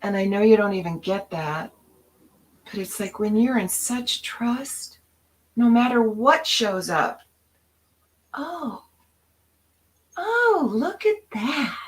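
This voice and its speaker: A woman hosting an inspirational spiritual talk, speaking slowly and with care. She tells stories with animation and acts out her own past reactions in different voices. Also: mid-range voice, poor audio. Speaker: spiritual talk show co-host.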